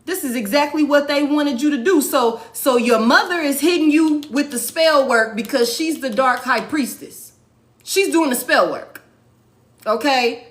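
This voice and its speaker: A woman's voice: high-pitched, measured pace. A woman giving a casual tarot reading, blunt and profane, repeating lines for emphasis. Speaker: tarot reader.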